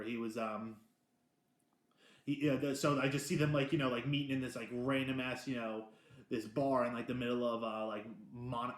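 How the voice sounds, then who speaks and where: A man hosting a casual movie review, talking in an excitable, rambling way with many restarts and the odd swear word. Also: mid-range voice. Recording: roomy echo.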